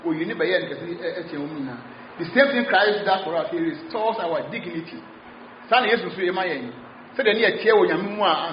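A man preaching a sermon in a gentle way, often repeating his words and switching between English and Twi. His is Twi. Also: high-pitched. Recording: muffled, roomy recording with faint noise.

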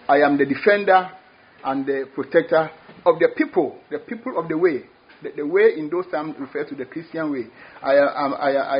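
Guy preaching, raspy, kinda high voice, repeats himself for emphasis, muffled lo-fi sound. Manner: emphatic, repeats words, rising exclamations. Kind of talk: sermon. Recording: dull lo-fi recording.

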